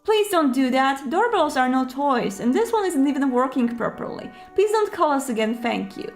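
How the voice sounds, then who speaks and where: A woman's voice: high voice, very animated, normal speed, soft background music. A woman reading a tired, scolding resident.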